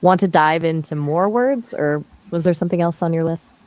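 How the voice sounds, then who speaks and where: Chatty ai lady voice, kinda low, breezy explainer tone. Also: moderate pace, a little mellow. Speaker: AI conversation partner. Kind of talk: conversational Q&A answers.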